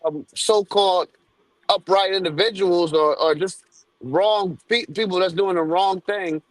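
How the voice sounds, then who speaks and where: A man joining a casual live-stream discussion as a guest, earnest, filling his talk with "you know" and quick restarts. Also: high voice, no room sound, low-quality recording. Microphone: video call.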